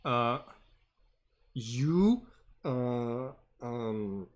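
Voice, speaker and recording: A man running a tabletop game as game master, talking haltingly with many fillers and humming to himself. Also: mid-range voice, lively intonation. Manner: halting, full of fillers, hums while working.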